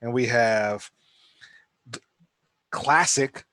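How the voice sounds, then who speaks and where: A man's voice: medium pitch, very slow, a bit bright, dry recording. A man hosting a casual roundtable podcast over a remote call, swearing and easily exasperated. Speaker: podcast host.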